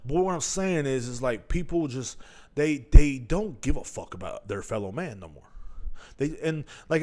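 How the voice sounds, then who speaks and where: A young man from Texas, hosting a casual solo podcast, rambling and ranting with lots of swearing. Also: fairly high pitch. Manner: profane, rambling, animated ranting. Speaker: podcast host.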